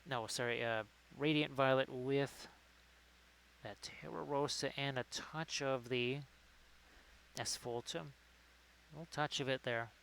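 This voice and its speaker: A man's voice: medium pitch, fairly even intonation, measured pace, gravelly, pauses often, a bit bright, a little hiss or hum, rough recording. A man hosting a casual livestream who rambles and reads chat messages aloud. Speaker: livestream host. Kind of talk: casual chat while painting.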